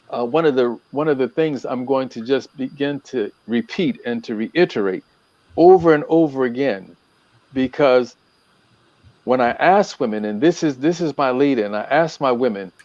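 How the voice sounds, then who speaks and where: A man talking as a relationship coach on a talk show, animated and preacherly, repeating his points for emphasis. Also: medium pitch, no room sound. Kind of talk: casual talk-show chat. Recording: dull, lo-fi.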